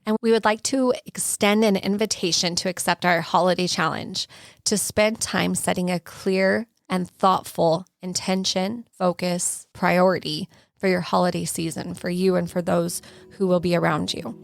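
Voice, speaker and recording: A woman co-hosting a podcast, closing the episode with a calm, earnest devotional message. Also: on the low side, gravelly, dry recording, studio quality. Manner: measured, earnest and unhurried. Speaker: podcast co-host.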